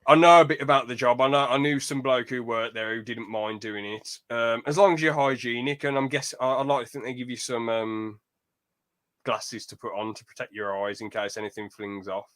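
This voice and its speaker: A man's voice: mid-range voice, brisk. Chatty man hosting a podcast. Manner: rambling, animated when telling a story. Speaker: podcast host. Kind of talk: casual chat.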